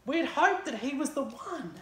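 A woman's voice: high voice, expressive, normal speed, echoey room, voice pushed up. A woman voicing a bewildered, grieving male disciple who pleads and asks urgent questions. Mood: urgent, dismayed.

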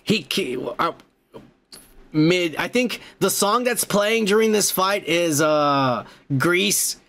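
A man hosting a podcast, excitedly recapping a movie in a casual, profane, rambling way. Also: high-pitched, takes it slowly. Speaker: podcast host.

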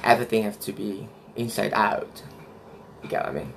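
A man's voice: fairly low pitch, fairly quick, creaky, a bit bright, a little hiss or hum. A man playing a vain young woman who speaks Malaysian English with a put-on British accent, affected and self-important, in a comic character monologue. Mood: pretentious. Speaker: comedy sketch performer.

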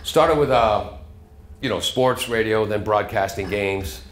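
A middle-aged radio host speaks to a college classroom. His voice sits a little low, and he rambles through anecdotes in a chatty way, ready to drop into a character voice at any moment. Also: a little slow, slight background noise. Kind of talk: guest lecture to a college class.

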